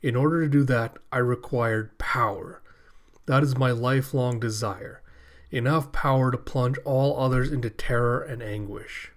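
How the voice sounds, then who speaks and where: A man voicing a gloating, monstrous male cyborg villain who speaks slowly and booms out cackling threats. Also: natural voice. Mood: menacing. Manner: slow, booming, cackling threats.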